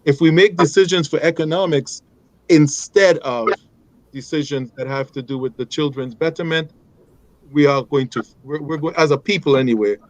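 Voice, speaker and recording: A man speaking as a guest on a talk show, measured and emphatic as he gives advice. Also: fairly high pitch, rough recording. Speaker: guest father. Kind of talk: panel discussion advice.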